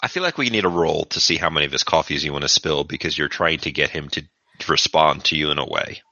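A man's voice: very deep voice, fast talker, sharp tone, dry recording, muffled recording. A man serving as game master who narrates a tabletop game in a casual, descriptive way.

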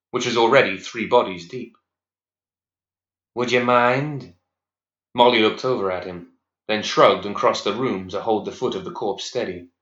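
A man reading a dark story aloud in a measured, even storytelling voice. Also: fairly low pitch. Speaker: narrator. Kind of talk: scripted audiobook narration. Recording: echoey, slightly dull recording.

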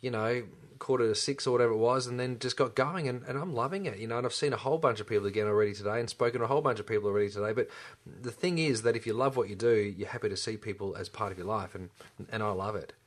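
A man's voice: mid-range voice, rapid-fire. Enthusiastic man, chatty. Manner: enthusiastic, chatty, many restarts. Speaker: podcast co-host, chiropractor. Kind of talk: casual chat.

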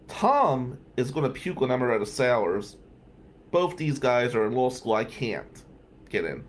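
A man spins a casual personal story with a dry, sardonic edge, wandering off into wry asides. His voice sits at a middling pitch. A faint hiss runs under the recording. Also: sing-song, a little slow.

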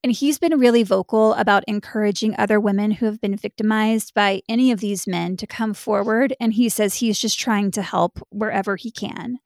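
A woman's voice: medium pitch, steady tone, normal speed, vocal fry, hardly any pauses, a little mellow, dry recording, studio quality. A young adult woman co-hosting a true crime podcast, talking casually and bluntly, swearing freely. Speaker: podcast co-host.

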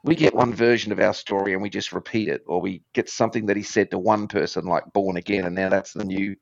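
A man's voice: deep voice, steady tone, fast talker, vocal fry, no room sound, lo-fi sound. Rambling, self-deprecating man, dry sound. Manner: rambling, self-deprecating, acts out voices in quotes. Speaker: podcast guest, former musician. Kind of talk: casual conversational storytelling.

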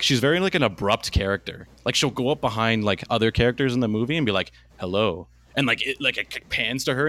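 A man's voice: medium pitch, fairly bright tone. A young man from Canada, a podcast co-host, giving a rambling, casual movie review with many fillers and restarts.

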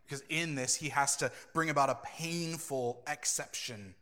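A man preaching a sermon as pastor, earnest and animated, acting out quoted lines and laughing now and then. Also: fairly high pitch, normal speed.

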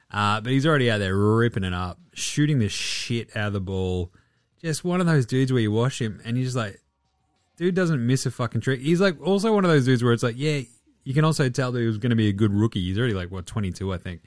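A man hosting a casual sports recap, excitable and sarcastic, swearing freely. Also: medium pitch, no room sound, studio quality. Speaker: host.

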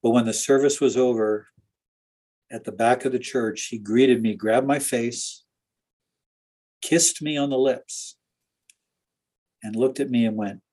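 Husky-voiced pastor telling earnest stories. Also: male voice, mid-range voice, steady tone, measured pace, pauses often, darkish tone. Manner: earnest, anecdotal, with laughs and restarts. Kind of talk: storytelling in an interview.

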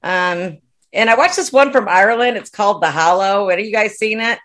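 Woman, podcast co-host, relaxed rambling casual chat. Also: medium pitch, moderate pace.

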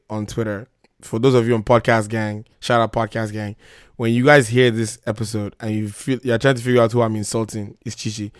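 Man, podcast host, hoarse, sick, laughing asides, mid-pitched, dry sound. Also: no room sound. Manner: joking, laughing, rambling. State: sick, losing his voice. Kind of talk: casual call-in podcast chat.

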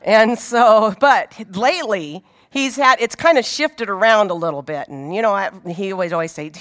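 A woman's voice: mid-range voice, expressive, moderate pace, few pauses, fairly bright tone. A woman giving an informal Bible teaching in a conversational way, often asking her listeners rhetorical questions.

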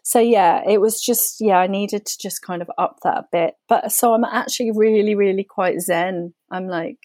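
A woman's voice: mid-range voice, fairly even intonation, normal speed, darkish tone, dry recording, clean studio sound. A woman co-hosting a podcast, talking candidly and rambling with giggles. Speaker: podcast co-host. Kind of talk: casual podcast chat.

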